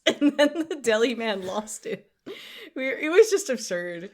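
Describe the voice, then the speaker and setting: A woman's voice: fairly high pitch, normal speed. A woman co-hosting a podcast, chatting casually and telling stories animatedly. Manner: animated storytelling, laughs often. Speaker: podcast co-host. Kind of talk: casual chat.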